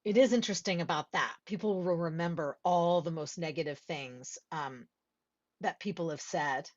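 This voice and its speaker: A woman's voice: low-pitched, normal speed, lo-fi sound. A woman voice coach leading a group discussion over a video call, talking in a reflective, explanatory way. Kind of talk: workshop discussion.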